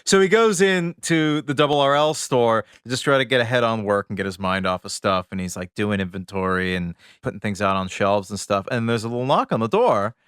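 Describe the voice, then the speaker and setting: A man co-hosting a podcast, telling a long anecdote in a lively, casual way and dropping his voice low for asides. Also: a little fast, few pauses, clear, resonant tone, dry recording, clean studio sound. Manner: animated storyteller, drops voice low for asides. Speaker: podcast co-host. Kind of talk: casual chat, storytelling.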